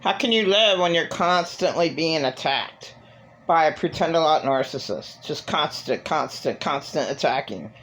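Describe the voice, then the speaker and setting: A woman's voice: low-pitched, expressive, normal speed, fairly bright tone, slight background noise. A woman vlogging in a rambling, profane monologue, venting with raw emotion. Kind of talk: casual monologue.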